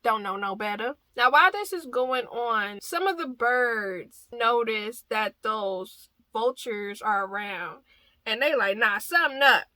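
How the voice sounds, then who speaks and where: Young woman vlogger, casual film recap, wry jokes, slightly high, bright voice, dry close sound. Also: expressive, slow pace, dry recording. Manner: chatty, joking, wry asides.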